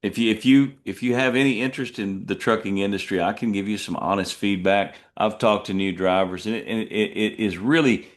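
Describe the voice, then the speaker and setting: Brisk and steady, with few pauses, this middle-aged man drives a truck and hosts a podcast of casual storytelling. He rambles, pokes fun at himself and keeps restarting, and he puts on jumpy high voices to quote others.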